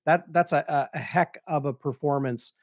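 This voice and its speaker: A man co-hosting a sports talk show, going through player numbers in a measured, steady way. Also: fairly high pitch, no echo, clean studio sound. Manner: measured, steady, fills with "uh" and "you know". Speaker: podcast co-host, analyst. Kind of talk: casual sports analysis.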